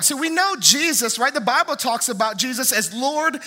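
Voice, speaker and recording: A young man preaches with a high, ringing voice and a sharp, forceful edge. He tells family stories with animated energy and acts out the voices of the people in them, then turns to his message. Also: normal speed, few pauses. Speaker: pastor. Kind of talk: sermon with personal stories.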